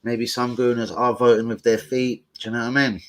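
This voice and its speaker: A young man talks to his live-stream chat at a medium pitch, loose and unscripted. He swears freely, taunts trolls and greets regulars by name, all in street slang. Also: flat delivery, a little fast. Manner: profane, combative banter with chat trolls, slangy.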